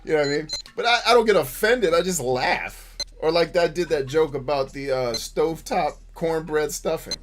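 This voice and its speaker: A man hosting a gaming show, talking bluntly and profanely in casual commentary while he plays, with quick jokey asides. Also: fairly high pitch, soft background music. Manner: laughs easily, jokey asides.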